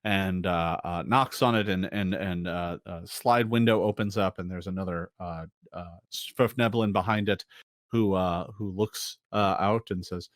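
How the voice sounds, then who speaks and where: A man running a tabletop game as game master, narrating in a halting way with many ums and restarts. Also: low voice, steady tone, no echo, studio quality.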